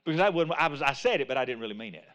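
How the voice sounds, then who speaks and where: A pastor preaching a sermon, swinging between loud calls and quiet, chuckling asides as he acts out a prayer. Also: mid-range voice, lively intonation, very fast.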